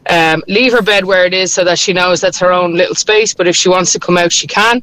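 A woman, a dog walker, calling in to give calm, practical advice. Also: lowish voice, brisk, low-quality recording. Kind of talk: phoned-in voice message with advice.

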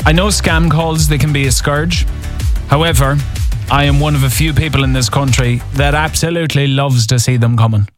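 A man's voice: mid-range voice, steady tone, moderate pace, over music. A man hosting an evening radio show, telling a story in a chatty, casual way. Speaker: radio host.

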